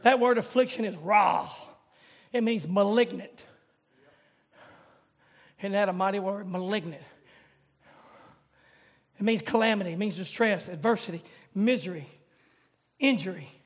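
A man preaching a revival sermon in church, shouting in a chanting, rising cadence. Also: high voice, fairly quick.

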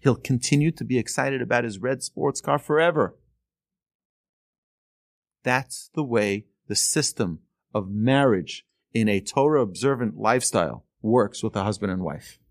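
An animated man preaching a storytelling sermon, his pitch rising and falling as he builds the tale. His voice sits at an ordinary middle pitch, and the sound is dry and close with no room around it. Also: measured pace, dry recording. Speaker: Torah teacher.

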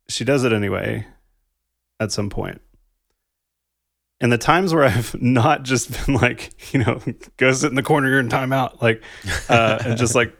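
A man's voice: lowish voice, creaky, dry recording, clean studio sound. A man in his thirties, a podcast co-host, reflecting casually on parenting, thoughtful, saying "like" a lot and laughing lightly. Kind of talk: casual conversation about parenting.

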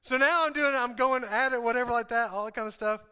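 A pastor preaches in a very high, smooth, resonant voice, telling a rambling story with self-deprecating humor and frequent laughs. His sentences stumble and repeat as he goes. The sound carries a long reverb, as from a large hall. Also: fast, bright, forceful tone. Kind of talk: sermon.

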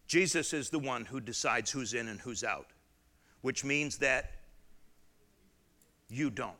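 A man preaching a sermon who shifts between casual, restart-filled asides and loud, emphatic climaxes. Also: mid-range voice. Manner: builds to loud emphatic climaxes, then drops to quiet asides; conversational, with repeated restarts and folksy asides. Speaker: pastor.

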